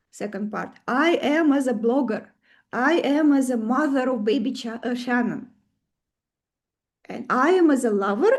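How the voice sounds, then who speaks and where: High-voiced woman with a Russian accent. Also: darkish tone. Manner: chatty, asks the class many questions. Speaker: astrology teacher. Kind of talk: live online class.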